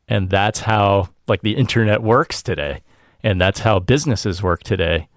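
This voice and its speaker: A man with a lowish voice that swings widely in pitch, chatting casually as a podcast host. He laughs often and acts out his family's lines. The recording is dry and close to the mic. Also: moderate pace, dry recording. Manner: animated, laughs often, quotes family members. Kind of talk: casual chat.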